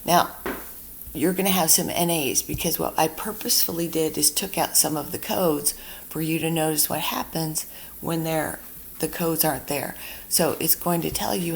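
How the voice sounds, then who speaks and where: A woman teaches a spreadsheet lesson over a screen recording. Her voice sits low and carries heavy vocal fry. She talks herself through every step in a relaxed, chatty way. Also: moderate pace, slight background noise. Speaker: instructor. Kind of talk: screen-recorded software tutorial.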